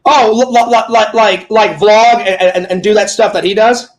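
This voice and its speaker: A man's voice: high voice, fairly even intonation, normal speed. A talkative man interviewing a fellow streamer in casual chat, rambling through stories with many "like"s and "he goes"s.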